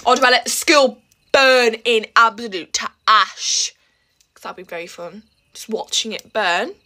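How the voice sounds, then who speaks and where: Dramatic bright teen girl. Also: a little high, a little slow. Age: teens. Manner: dramatic, exasperated, laughing often. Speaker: vlogger. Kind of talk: get-ready-with-me vlog.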